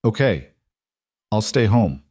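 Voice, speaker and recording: A man's voice: lowish voice, sing-song, slow, warm tone, slightly rough, no room sound, clean studio sound, exaggerated voice. A man voicing an anxious young woman, a nursing assistant, pleading and worried in an audiobook reading.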